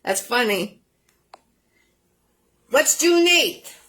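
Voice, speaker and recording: A woman hosts a home cooking show and chats as she works, rambling along with plenty of ums. Her voice sits a little high. Faint clinks of dishes and cutlery sound behind her in the kitchen. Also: lively intonation, very slow, pushed and bright, slight background noise, low-quality recording. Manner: chatty, rambling, with many ums. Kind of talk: casual chat while cooking.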